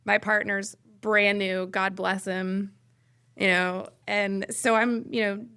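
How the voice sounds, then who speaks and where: A woman's voice: mid-range voice, level tone, slow pace, sharp tone, clean tone, dry recording, clean studio sound. A woman paramedic speaking candidly as a guest on a podcast, telling stories from her work. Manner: candid, storytelling, blunt. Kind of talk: casual podcast interview.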